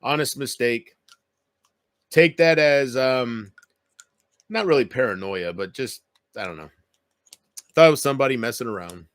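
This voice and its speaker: A man's voice: medium pitch, unhurried, pauses often, a bit bright, no room sound, studio quality. A man chatting casually on his own livestream at home, rambling and self-deprecating as he talks straight to his viewers. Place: home room. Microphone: computer mic with headphones.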